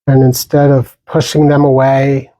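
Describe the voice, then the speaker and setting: A man giving a dharma talk as a meditation teacher, speaking gently with pauses and small restarts. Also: mid-range voice, little pitch movement, dry recording, rough recording.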